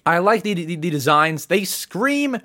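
A man hosting a casual solo podcast, talking in an excitable way and often clearing his throat. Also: high voice, measured pace. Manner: excitable, animated. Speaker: podcast host.

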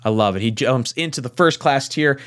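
A man's voice: mid-range voice, a little fast, a bit bright. A man hosting a casual sports panel livestream, joking and reading viewer comments aloud. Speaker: panel host.

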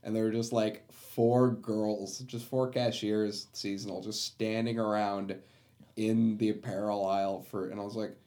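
A man in casual chat, animated, acting out quotes with big jumps in pitch. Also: measured pace.

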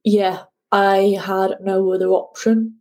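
A woman, a guest telling her ocean rowing story in a lively conversational way. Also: medium pitch, slow pace, low-quality recording. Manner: animated, acts out shouting at the sea.

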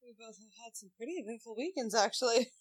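A mother co-hosting a casual chat, reacting with laughs and quick remarks, cursing mildly. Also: a little high.

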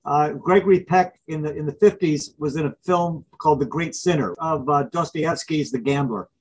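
Husky, animated male storyteller guest. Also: on the high side, moderate pace, rough recording. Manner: animated storyteller, acts out film scenes. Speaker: author and professor. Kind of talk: interview guest.

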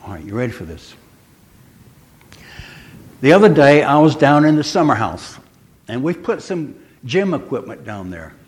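A man's voice: medium pitch, big pitch swings, moderate pace, pauses often. Older guy preaching, chatty stories, asks the room questions, voice jumps around a lot. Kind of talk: sermon.

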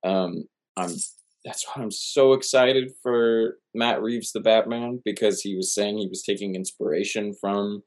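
A man co-hosting a casual chat, excitable and gushing, often restarting his sentences. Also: on the low side, unhurried. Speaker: podcast co-host.

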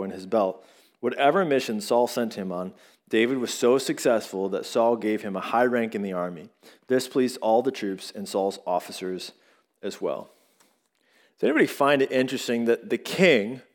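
Male pastor, mid-range voice, animated storytelling sermon. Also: medium pitch. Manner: animated storytelling with shifting emphasis.

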